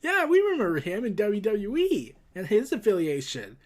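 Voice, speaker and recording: A man's voice: sits high, huge pitch swings, normal speed. A man hosting a casual news commentary, rambling with sarcastic asides. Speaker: host.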